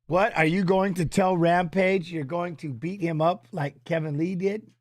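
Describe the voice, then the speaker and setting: Middle-aged male streamer, loose chatty fight talk, higher-pitched voice. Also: steady tone, a little slow, dry recording, studio quality. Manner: rambling, loose, drops filler tags. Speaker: streaming host and former fighter. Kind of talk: casual livestream chat while watching fights. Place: home office.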